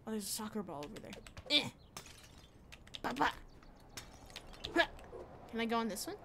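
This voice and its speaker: A woman's voice: a little high, big pitch swings, moderate pace, vocal fry, background noise. Playful woman chatting through a game. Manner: playful, chatty, sing-song. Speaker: gaming streamer. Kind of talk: casual gameplay commentary.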